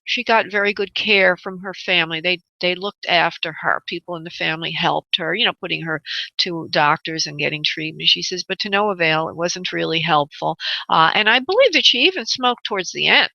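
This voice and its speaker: A woman psychic medium on a call-in radio show, with a bright, clear-edged voice. She speaks gently and calls her callers honey and love, with frequent uh fillers. The audio is dry and a little dull, like lo-fi web radio. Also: fairly low pitch, expressive, a little fast, no echo.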